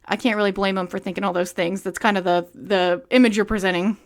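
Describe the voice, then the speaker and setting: A woman's voice: medium pitch, fairly even intonation, quick pace, few pauses. Sarcastic young woman reading aloud. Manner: sarcastic, exasperated asides. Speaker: book reviewer.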